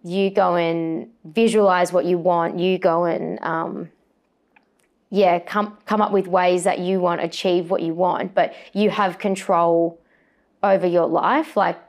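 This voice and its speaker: A woman's voice: on the low side, steady tone, a little slow. A woman, a sports presenter, chatting as an interview guest with lots of fillers and restarts. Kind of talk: casual interview chat.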